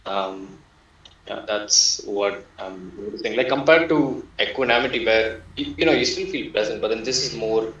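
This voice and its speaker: Halting man describing his meditation, low voice, distant muffled call audio. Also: a bit bright. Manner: hesitant, searching for words, many fillers. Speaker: meditation participant. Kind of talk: casual sharing of experience. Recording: dull, roomy, distant mic.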